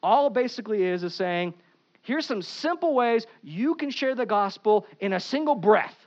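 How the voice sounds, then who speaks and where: A pastor preaching an Easter sermon, with animated swings between loud emphasis and quiet asides. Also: male voice, high-pitched, moderate pace, muffled recording.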